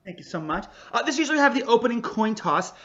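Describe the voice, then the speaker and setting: An energetic improv comedy referee hosting a virtual show from home over a video call, joking playfully with the audience. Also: mid-range voice, fast, lo-fi sound. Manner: jokey, energetic, playful asides. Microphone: home video call mic.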